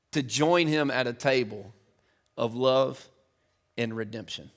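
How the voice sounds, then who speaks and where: A middle-aged man preaching a sermon in a church, chatty and casual, building to loud, emphatic peaks. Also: medium pitch. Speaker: pastor. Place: church auditorium.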